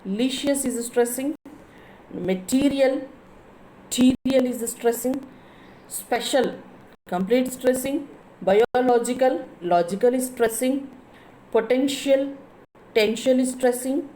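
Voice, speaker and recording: A woman lecturer with an Indian English accent, teaching word stress slowly and repeating each word aloud to drill it. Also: high-pitched, mellow, a little hiss or hum, rough recording.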